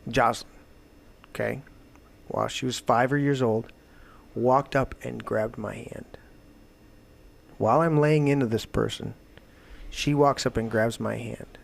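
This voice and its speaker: A man hosting a talk show, delivering a heated, profane political rant that swings into loud outbursts. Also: mid-range voice, gravelly. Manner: profane, emphatic, swings to shouting. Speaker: show host.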